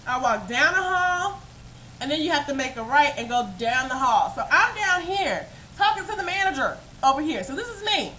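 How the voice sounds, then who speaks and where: A woman vlogger telling a story to her webcam in a casual, animated and emphatic way. She often breaks into laughter and speaks straight to her viewers. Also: high-pitched, normal speed, a little hiss or hum, low-quality recording. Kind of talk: casual storytime monologue to camera.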